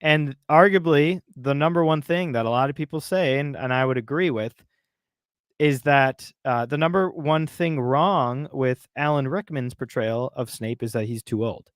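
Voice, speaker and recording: A man of middle pitch, heated and exasperated as he rants through a casual podcast chat. His voice sits close and dry on the mic, with no room sound. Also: moderate pace, no echo. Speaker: podcast co-host.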